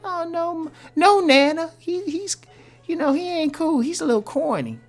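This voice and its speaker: A man's voice: very high voice, sing-song, moderate pace, voice pushed up, exaggerated voice. A man voicing a young woman who dismissively brushes off her grandmother's advice about a man.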